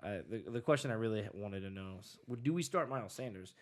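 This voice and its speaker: A man's voice: lowish voice, expressive, fast talker. A man co-hosting a casual fantasy football chat, hesitant and thinking aloud while he looks up numbers. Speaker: podcast co-host.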